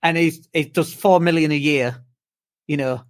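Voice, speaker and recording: British man, podcast co-host, tired, lively storyteller, fairly high voice. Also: a little slow, clear, resonant tone. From United Kingdom. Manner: swearing, animated storytelling with mimicked whoops. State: exhausted from jet lag. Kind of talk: casual chat.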